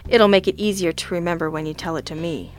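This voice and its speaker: A woman's voice: on the low side, fairly even intonation, fast talker, faint music behind, lightly acted. A woman reading a firm, courteous male detective. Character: brisk, polite adult male private detective.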